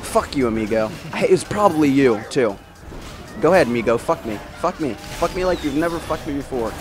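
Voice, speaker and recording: Over game music, this commentator brings a brisk pace and lively intonation to his medium-pitched voice. His casual let's-play is full of exasperated swearing and trash talk aimed at rival racers.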